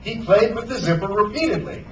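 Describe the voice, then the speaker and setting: A man, an author, reading a children's adventure novel aloud at a bookstore event with animated storytelling. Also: high voice, brisk, slight background noise. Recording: roomy sound from a distance.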